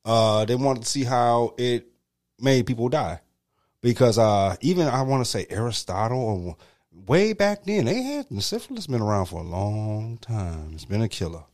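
Lively laid-back man reacting. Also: mid-range voice, measured pace. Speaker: podcast co-host. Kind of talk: casual chat.

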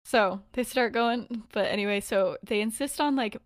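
A woman with a fairly high voice tells a story on her podcast, chatty and rambling, her sentences filled with "like" and "um." The sound is dry and close, with almost no room echo. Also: normal speed. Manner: chatty, rambling, many "like" and "um" fillers, giggles often. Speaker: podcast host. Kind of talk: casual storytelling of fan fiction.

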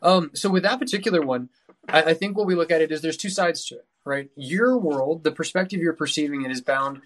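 A man with a slightly high voice talks casually on a podcast. He wanders through his ideas and often restarts sentences midway. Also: brisk, fairly bright tone.

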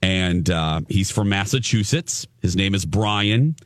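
A man hosts a radio morning show, telling a story with plenty of animation and acting out the people in it. His voice sits fairly low. The studio mic sound is dry and close. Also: measured pace, no echo. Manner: animated storyteller who acts out quotes. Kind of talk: casual on-air storytelling.

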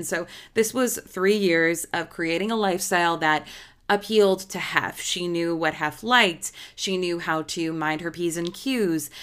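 A woman's voice: on the low side, a bit bright. A woman in her thirties hosting a podcast, retelling a story in a chatty, gossipy, emphatic way. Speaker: podcast host. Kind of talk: casual storytelling monologue.

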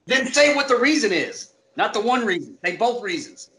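Bright needling argumentative man. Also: very high-pitched, big pitch swings, moderate pace, roomy sound, poor audio. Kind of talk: casual chat.

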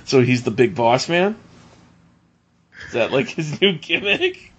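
A man co-hosting a podcast in casual chat, animated and laughing often. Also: mid-range voice, unhurried, slightly rough. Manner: animated, laughs often, quotes others in mock voices. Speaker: podcast co-host.

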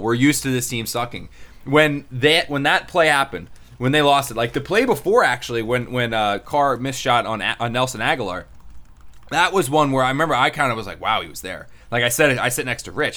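A young male sports reporter talking casually on a live show. His voice sits in a middle register, but it leaps high when he acts out quotes and gets excited. He stacks up fillers and restarts as he builds a story. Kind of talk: casual podcast chat.

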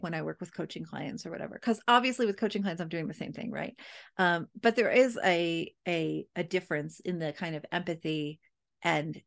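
Chatty mother telling a parenting story. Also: mid-range voice. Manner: chatty, frequent "like" and "you know", addresses listeners directly. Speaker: parenting coach. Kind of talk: casual personal storytelling.

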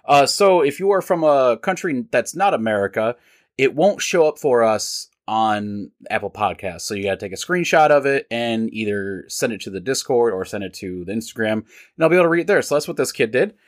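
Animated, joking young man podcaster. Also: mid-range voice, fairly quick. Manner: animated, joking, swears freely. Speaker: podcast co-host. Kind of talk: casual chat.

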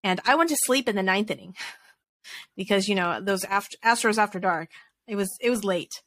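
Her voice is mid-range and fairly bright, moving at a moderate pace. She's a podcast co-host in a casual sports conversation about baseball, laughing and often rambling and starting over.

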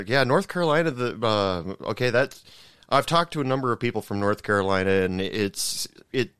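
A man from Oregon hosting a casual podcast conversation, talking haltingly with many fillers and restarts. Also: fairly low pitch, fairly bright tone, smooth, dry recording, clean studio sound. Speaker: podcast host.

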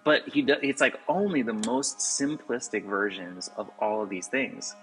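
A man in casual podcast conversation, talking in an animated, emphatic way and laughing often. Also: medium pitch, normal speed, soft background music, rough recording. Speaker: podcast guest. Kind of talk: casual critical chat.

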